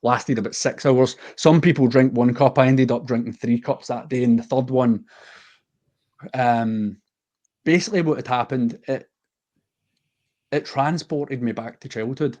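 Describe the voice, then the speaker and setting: A man's voice: medium pitch, a little slow, long pauses, darkish tone, lo-fi sound. Earnest Scottish man telling his story. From west of Scotland. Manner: earnest, heartfelt, unguarded. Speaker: guest. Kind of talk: candid personal storytelling in a podcast interview.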